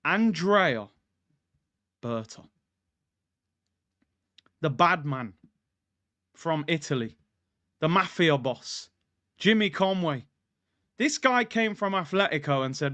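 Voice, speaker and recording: Man, football stream host, slangy and hyped, high-pitched voice, dry room. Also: expressive, slow pace, long pauses, bright, forceful tone, dry recording. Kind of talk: casual livestream chat. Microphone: streaming mic.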